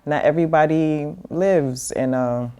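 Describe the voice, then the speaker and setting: A woman's voice: low-pitched, unhurried, mellow, clean tone. A middle-aged woman as an interview guest, telling a personal story in a casual, rambling way, with many fillers and restarts. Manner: acts out quoted voices of family members.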